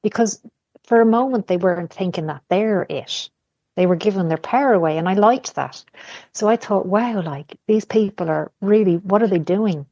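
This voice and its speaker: A woman's voice: mid-range voice, moderate pace, dark tone, dry recording. A middle-aged woman, a podcast guest, talking candidly in casual conversation, telling personal stories and swearing freely. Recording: dull lo-fi podcast audio.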